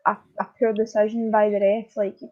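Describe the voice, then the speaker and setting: A woman's voice: mid-range voice, flat delivery, brisk, dull audio. A woman co-hosting a live football stream, chatting frankly and wryly. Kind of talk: casual football chat.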